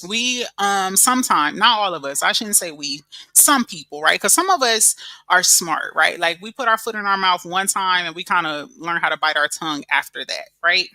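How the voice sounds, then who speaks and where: A woman's voice: lowish voice, expressive, moderate pace, bright, forceful tone, dry recording. A middle-aged woman chatting casually on a live stream, greeting viewers and laughing often.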